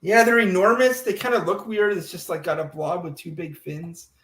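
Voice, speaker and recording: A man's voice: high voice, steady tone, normal speed, fairly bright tone, roomy sound. A man co-hosting a casual livestream, reading local news items with amused asides. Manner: reads police blotter with amused asides. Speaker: livestream co-host.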